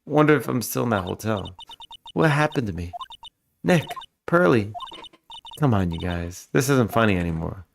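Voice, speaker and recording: A man voicing a young spirit-medium girl who is jumpy and pleading, in a high voice. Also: lively intonation, normal speed, gravelly, pauses often, slight background noise. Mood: scared. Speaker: game streamer.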